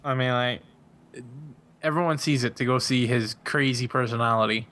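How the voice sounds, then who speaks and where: A man's voice: medium pitch, normal speed, pushed and bright, a little hiss or hum. A young man, a podcast guest, chatting casually, rambling with lots of fillers and laughing often. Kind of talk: casual chat.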